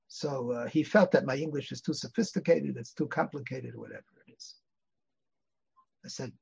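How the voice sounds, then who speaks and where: A man's voice: medium pitch, moderate pace. An older man, a rabbi giving a Torah class, telling stories and mixing Yiddish and Hebrew words into his English. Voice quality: gravelly, husky. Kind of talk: Torah lecture with anecdotes. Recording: dull lo-fi lecture recording.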